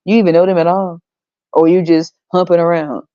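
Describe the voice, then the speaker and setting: A woman's voice: fairly low pitch, little pitch movement, brisk, no room sound, lo-fi sound. A woman hosting a podcast, ranting in a blunt, profane, mocking way and acting out other people's voices. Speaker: podcast host. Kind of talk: casual ranting monologue.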